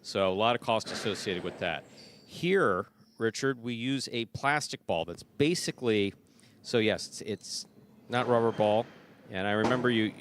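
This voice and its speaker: Middle-aged male jai alai announcer, low-pitched, chatty, corrects himself as he goes. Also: a bit bright, a little hiss or hum. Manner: chatty, explanatory, self-correcting. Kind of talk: broadcast commentary and chat.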